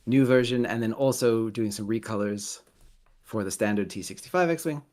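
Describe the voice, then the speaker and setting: A man's voice: fairly low pitch, moderate pace, a little mellow. A man chatting as an interview guest over a video call, rambling, correcting himself and laughing often. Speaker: guest, Lego builder. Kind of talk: casual interview chat.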